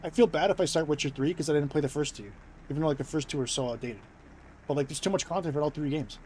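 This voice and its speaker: A man's voice: a little high, fast, darkish tone, slight background noise, low-quality recording. A young American man streaming and chatting casually, rambling with many fillers and restarts. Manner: rambling, filler-heavy, self-interrupting.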